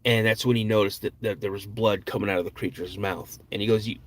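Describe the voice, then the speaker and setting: A man hosting a podcast, retelling an eyewitness's encounter in a slow, suspenseful way, often restarting and repeating words. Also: lowish voice, fairly even intonation. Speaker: podcast host.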